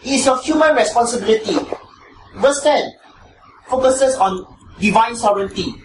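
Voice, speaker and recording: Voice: medium pitch, moderate pace. A preacher with a Singaporean English accent giving an emphatic sermon, repeating key phrases for stress. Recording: echoey room, distant mic, background noise.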